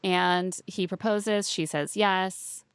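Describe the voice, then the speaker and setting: A woman's voice: on the low side, fairly even intonation, slow, clean tone, no room sound. A woman co-hosting a podcast, recapping a reality show in casual chat with sarcastic asides and mocking quotes. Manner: sarcastic, mocking quotes of cast, laughs often. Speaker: podcast co-host.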